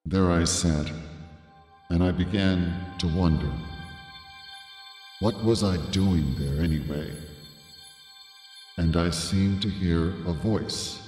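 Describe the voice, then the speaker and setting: A man playing a pompous old-time radio drama narrator, with grave, drawn-out delivery in the style of 1940s radio acting. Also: sits low, darkish tone. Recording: roomy reverb with music bed.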